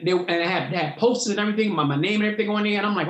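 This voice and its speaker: Animated storytelling comedian, high voice. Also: male voice, very fast, roomy sound. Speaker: comedian guest. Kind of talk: storytelling interview.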